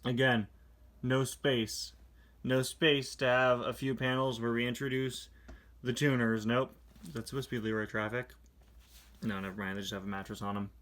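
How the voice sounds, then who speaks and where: Bright-voiced man roasting a comic. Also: medium pitch, fairly even intonation. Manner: sarcastic, exasperated critique; reads captions aloud in quick put-on voices. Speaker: toy reviewer. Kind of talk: casual comic book review.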